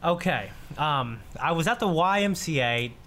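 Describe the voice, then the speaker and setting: Speaking at a normal speed in a voice on the high side, a podcast co-host in his thirties spins stories during a casual group conversation. He's animated, laughs a lot, restarts often, and tends to repeat himself.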